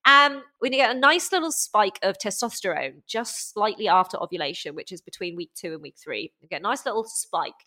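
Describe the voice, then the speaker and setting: A woman on a podcast as a guest fitness coach, talking in a lively way and acting out inner voices with big jumps in pitch. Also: brisk, hardly any pauses. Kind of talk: casual podcast interview.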